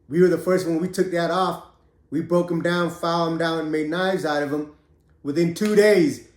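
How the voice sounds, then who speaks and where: A man telling his own prison story in a casual, profane, streetwise way, pausing often as he recounts it. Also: on the high side, roomy sound. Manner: streetwise, profane, drawn-out pauses.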